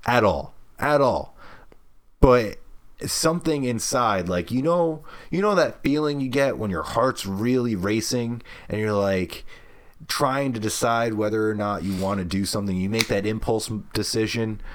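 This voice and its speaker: Young new dude, lowish voice, rambly and foul-mouthed, lots of "like". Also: male voice, measured pace. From Brooklyn, New York. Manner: swears freely, rambling with lots of "like". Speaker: storyteller. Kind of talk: casual podcast chat.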